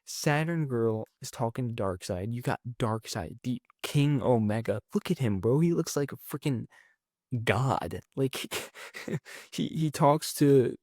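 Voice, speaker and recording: Excitable man recapping a comic, dry sound. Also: medium pitch, a little slow, no room sound. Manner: excitable, rambling, quotes characters with "he's like". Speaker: comics recap channel host. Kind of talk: casual comic book recap.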